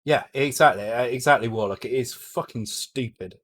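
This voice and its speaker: This British man, streaming from home while he codes a retro game, has a medium-pitched, fairly bright voice at normal speed, recorded with clean studio sound and no room tone. His blunt running commentary is full of swearing and sentences he abandons and starts over.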